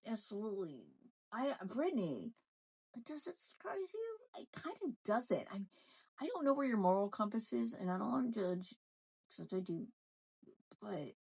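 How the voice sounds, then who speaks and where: A woman's voice: mid-range voice, darkish tone, poor audio. A woman ventriloquist chatting casually in a gossipy back-and-forth banter, recapping a reality show.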